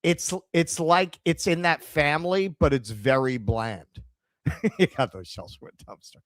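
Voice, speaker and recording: A middle-aged man with a New York accent, co-hosting a casual chat and telling a story with animated quoted dialogue. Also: fairly high pitch, unhurried, no echo. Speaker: podcast co-host.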